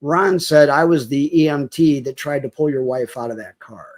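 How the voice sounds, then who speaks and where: A man's voice: a little high, normal speed. A man telling a personal story as a podcast guest, acting out the quoted dialogue vividly and getting close to tears at moments.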